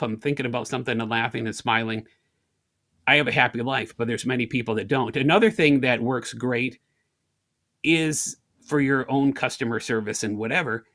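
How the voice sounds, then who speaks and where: A middle-aged man from the United States telling everyday stories in a casual interview, acting out both sides of small conversations in changing voices. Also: medium pitch. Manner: animated, acts out little scenes of talk in shifting voices. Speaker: guest speaker.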